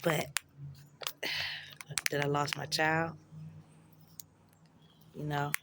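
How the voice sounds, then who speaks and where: Slow, gravelly woman telling a raw story. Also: sits low, flat delivery, background noise. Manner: raw, profane, emotional storytelling; slangy and conversational. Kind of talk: personal storytelling monologue.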